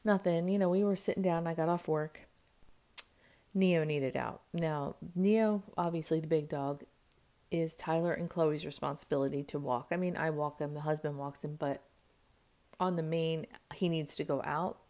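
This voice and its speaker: At home indoors, an American vlogger and mother in her thirties chats casually to her camera at a normal speed. She rambles through a family story, acting out what people said with jumps in pitch and loudness, all captured on the camera mic.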